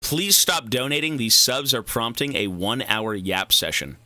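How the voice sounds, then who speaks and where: A man's voice: medium pitch, expressive, normal speed, pushed and bright, dry recording, clean studio sound. A young man streaming a game, chatting casually in long, profane, rambling tangents. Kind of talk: casual livestream chat.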